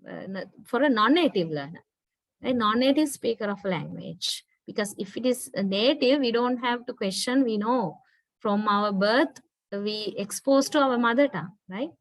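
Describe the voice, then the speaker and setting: Sri Lankan woman lecturer, fairly high voice, dry close sound, patient and explanatory, keeps asking "right?". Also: animated, moderate pace, dry recording, low-quality recording. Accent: Sri Lankan English. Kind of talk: online university lecture.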